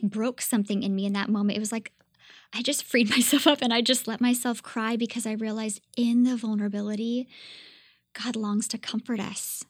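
Earnest woman with an even, flat voice. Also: medium pitch, no echo, clean studio sound. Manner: earnest and gentle, inviting listeners to reflect. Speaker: podcast host. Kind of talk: reflective devotional podcast talk.

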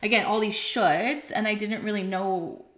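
A woman recounts a painful personal story in a frank, conversational way. She is emotional and animated, and she briefly acts out the voices of other people. Her voice carries a roomy echo. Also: medium pitch, normal speed. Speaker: podcast guest telling her story.

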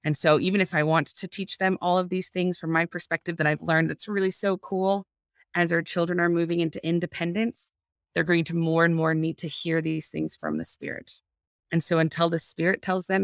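Here a woman's fairly low voice keeps a level tone and a brisk pace, captured cleanly in a studio-quality recording without room sound. She is a guest in a faith-based parenting conversation on a video call, earnest and searching for words as she reflects.

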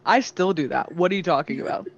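A man chatting casually, telling an energetic story. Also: sits high, quick pace, creaky. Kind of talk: casual chat. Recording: dull dry lo-fi.

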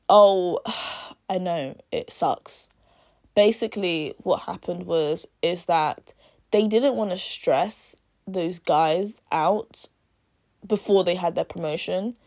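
A woman's voice: fairly low pitch, vocal fry, darkish tone. A young woman in a casual video, chattily retelling a novel's plot and acting out the characters' lines as she goes. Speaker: book reviewer.

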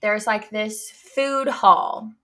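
A woman's voice: mid-range voice, fairly even intonation, drawn-out words, a bit bright. A young woman co-hosting a podcast, chatting casually and filling her speech with "like" and "you know". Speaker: podcast co-host. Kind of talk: casual chat.

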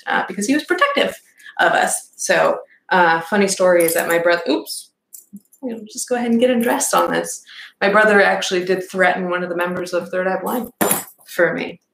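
A woman's voice: on the low side, vocal fry, fairly bright tone. A young adult woman hosting a casual podcast livestream, chatting in a rambling way and reading out viewer comments. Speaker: podcast host. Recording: echoey room with faint background noise.

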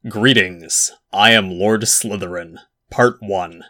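Low-voiced man reading a story. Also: takes it slowly, pushed and bright. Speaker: audiobook narrator. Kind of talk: reading fan fiction aloud.

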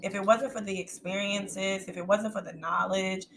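A woman's voice: mid-range voice, steady tone, moderate pace, creaky, a bit bright, slight background noise. A young woman co-hosting a podcast, telling a story in casual chat and laughing often. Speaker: podcast co-host.

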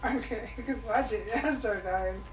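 A woman's voice: a little high, a little slow, a little hiss or hum. Woman teasing the guys dryly, kinda far from the mic in an echoey room. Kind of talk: casual chat.

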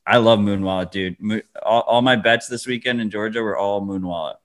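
A man's voice: fairly low pitch, a little fast, fairly bright tone. A man co-hosting a podcast, chatting casually and ranting in a laid-back way. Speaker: podcast co-host. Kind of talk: casual chat.

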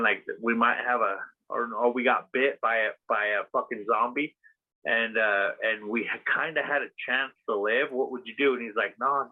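A man telling a rambling story casually as a podcast host, full of fillers and swearing. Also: medium pitch. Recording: tinny phone-like sound.

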